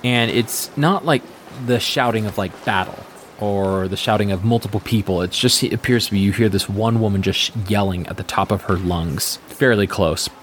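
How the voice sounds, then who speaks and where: A man with a lowish voice running a tabletop game as game master, describing scenes casually and restarting now and then. Faint noise sits under the recording. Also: normal speed, fairly bright tone. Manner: descriptive, casual, slightly stammering.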